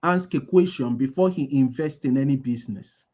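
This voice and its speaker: A man's voice: mid-range voice, moderate pace, warm tone. A man giving a motivational business talk, repeating key lines and asking his listeners to fill in the answers. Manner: asks the audience call-and-response questions. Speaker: business speaker.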